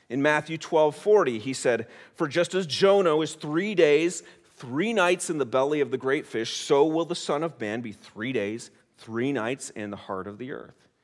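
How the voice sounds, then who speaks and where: Animated male preacher in a reverberant hall. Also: mid-range voice. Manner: animated, acts out the voices of disciples and doubters. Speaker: pastor. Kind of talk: sermon.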